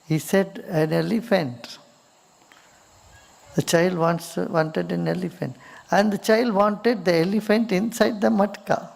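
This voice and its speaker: Slow and soft-spoken, a man with an Indian accent tells stories as a spiritual teacher, his words at times sinking almost to a whisper. He has a high-pitched, gravelly voice.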